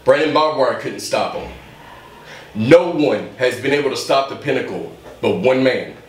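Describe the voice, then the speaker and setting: A man's voice: medium pitch, animated, moderate pace, far from the mic. A man, a pro wrestler, giving an intense promo interview that grows heated. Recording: roomy echo, voice off-mic.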